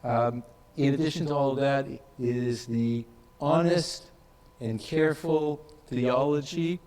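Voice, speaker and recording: A man delivers a reflective conference tribute, often pausing on fillers and restarting phrases. His voice sits at an ordinary middle pitch. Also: a little mellow, low-quality recording. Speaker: conference speaker. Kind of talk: tribute speech.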